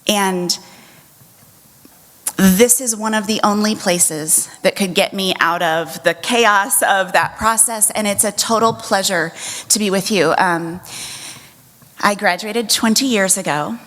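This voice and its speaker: Woman, forties, earnest chapel speaker, unhurried delivery, long hall echo. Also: medium pitch, a bit bright. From United States. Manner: measured and earnest, frequent "um" pauses. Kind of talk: chapel talk. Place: college chapel.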